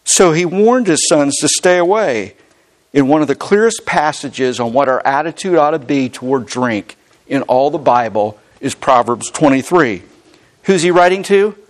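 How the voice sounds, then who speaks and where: Animated, emphatic preacher man. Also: fairly high pitch, normal speed. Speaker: pastor. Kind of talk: sermon.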